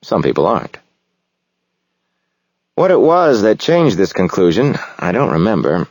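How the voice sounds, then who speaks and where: Reflective low male narrator. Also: wildly swooping pitch, a little mellow, breathy edge, no echo. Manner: reflective, measured. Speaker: audiobook narrator. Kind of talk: first-person novel narration.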